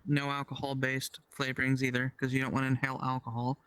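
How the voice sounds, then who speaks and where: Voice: mid-range voice, monotone, quick pace, noisy background. A podcast co-host chatting casually, explaining things in detail with many fillers.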